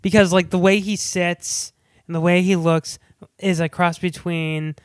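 Give me a podcast co-host chatting casually about films. The talk is eager and rambling, full of restarts and asides. The voice is smooth and the recording is close and dry. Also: medium pitch, level tone, unhurried, no room sound. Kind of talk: casual movie chat.

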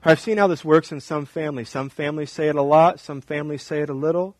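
High-voiced man preaching with hushed intensity. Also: quick pace, no echo, poor audio. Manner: swings from hushed and intimate to raised and emphatic, repeating phrases. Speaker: pastor. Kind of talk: sermon.

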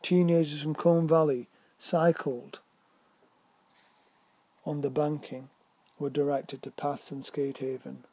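A man narrating a whimsical story in a measured reading voice. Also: on the high side, flat delivery, mellow, breathy edge, no echo.

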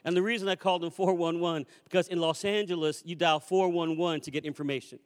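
A man preaching a sermon as a pastor, telling a story with animated, acted-out quotes and repeated refrains. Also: on the high side, quick pace, smooth, in a large hall. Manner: animated storyteller who acts out quoted voices. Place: church sanctuary.

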